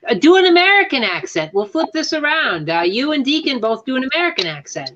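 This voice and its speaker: A woman's voice: sits high, very animated, fast talker, fairly bright tone, highs cut off, a little hiss or hum. A woman in a casual chat with friends, rambling and hesitant.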